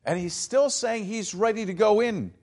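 A man's voice: sits high, normal speed, darkish tone. A man preaching a sermon as pastor, explaining scripture with emphatic, dramatized quotes.

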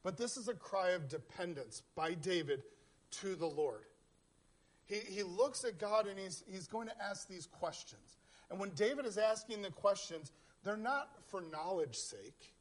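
High-voiced earnest preacher man. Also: expressive, unhurried. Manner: earnest, repeats words, voices prayers aloud. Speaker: pastor. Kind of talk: sermon. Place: church in South Central Pennsylvania.

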